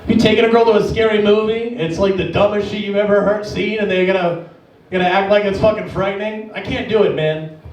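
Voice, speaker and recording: High-voiced profane man doing stand-up. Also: fairly even intonation, fairly quick. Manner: profane, rambling, acts out quoted voices. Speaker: stand-up comedian. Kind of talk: stand-up comedy set. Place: comedy club stage in a sports lounge. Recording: echoey club audio from far off.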